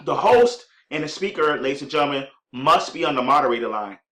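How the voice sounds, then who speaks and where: A man's voice: a little high, lively intonation, a little fast. Enthusiastic man trainer in an echoey room. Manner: enthusiastic, keeps saying "ladies and gentlemen"; acts out sample call lines in an upbeat voice. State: clearing a scratchy throat. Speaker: network marketing trainer. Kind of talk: instructional talk on running conference calls.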